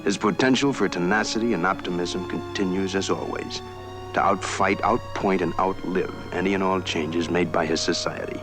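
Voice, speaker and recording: Deep-voiced man giving a declamatory narration. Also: steady tone. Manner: measured, declamatory. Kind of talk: scripted closing narration. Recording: old TV broadcast clip with music. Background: music.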